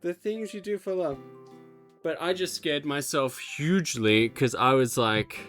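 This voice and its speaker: A man's voice: a little high, measured pace, fairly bright tone, faint music behind. A man streaming a video game from home, chatting casually and fondly talking to his cat between rambling, self-mocking asides. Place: home room.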